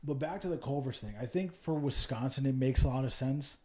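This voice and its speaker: Young man, podcast co-host, casual chat, rambling, swears, mid pitch. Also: fairly quick, darkish tone. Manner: rambling, swears a lot, restarts sentences.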